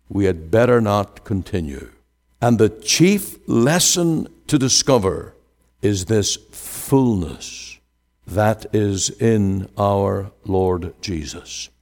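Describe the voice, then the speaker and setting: A male preacher delivering a sermon, swinging from emphatic rising questions to hushed pleading and quoting scripture in old wording. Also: on the low side. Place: church. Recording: long hall reverb.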